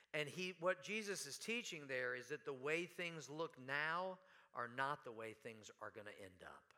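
Bright-voiced preacher man, animated. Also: on the high side. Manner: animated preaching with sudden shouts and dramatic quoted lines. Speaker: pastor. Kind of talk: sermon. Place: church sanctuary.

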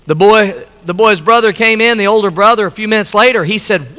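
A man's voice: sits high, fairly quick, pushed and bright, in a large hall. A middle-aged male pastor preaching a sermon, emphatic and repetitive, telling a story for a laugh. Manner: emphatic, repeating lines, telling a joke story. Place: church sanctuary.

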